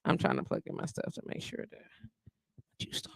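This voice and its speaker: This woman hosts a live internet radio show, chatting casually in a sassy, animated way and acting out the people she mentions in quoted voices. She talks at normal speed, and the studio sound is clean with no room echo.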